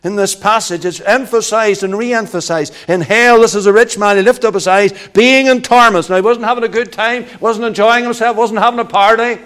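A man preaching a sermon, emphatic and repetitive, swinging from hushed passages to loud ones. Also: high-pitched, fairly quick, hardly any pauses.

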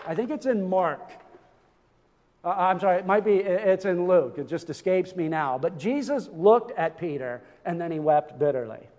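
Male pastor, high voice, fervent sermon delivery, reverberant sanctuary. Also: a little mellow. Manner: impassioned preaching with rhetorical questions and repetition.

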